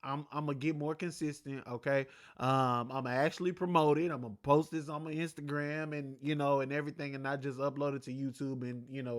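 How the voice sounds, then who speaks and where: A man's voice: medium pitch, fairly bright tone. A man hosting his own sports talk show, rambling loosely and profanely in a casual solo chat. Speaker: podcast host.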